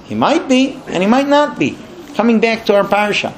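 A man teaching a religious lesson as a lively, animated story. His voice is high for a man. A light hiss lies underneath. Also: normal speed. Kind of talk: storytelling sermon.

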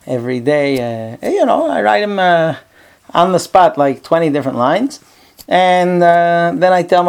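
A man's voice: a little high, expressive, moderate pace, vocal fry, smooth. A man, a rabbi teaching a class in an office, telling a story in a conversational way with many fillers. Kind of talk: storytelling lecture.

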